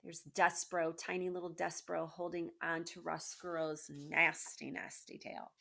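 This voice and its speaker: A woman reading a children's book aloud, gently, with asides to her listeners. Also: fairly low pitch, level tone, normal speed, vocal fry. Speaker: storyteller.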